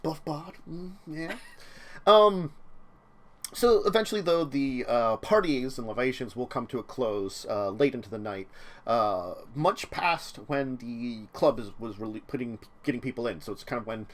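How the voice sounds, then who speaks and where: A man's voice: mid-range voice, moderate pace, a bit bright. A man narrating a tabletop role-playing game as game master, rambling along with many fillers and restarts.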